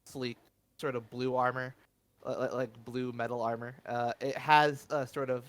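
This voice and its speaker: A man's voice: medium pitch, little pitch movement, moderate pace. A man narrating a tabletop game as game master, hesitant and stopping often to restart. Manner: hesitant, lots of fillers and restarts.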